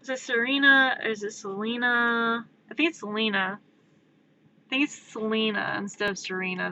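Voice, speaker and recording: A woman streamer in casual rambling chat, ranting in an animated, exasperated way. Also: mid-range voice, muffled recording.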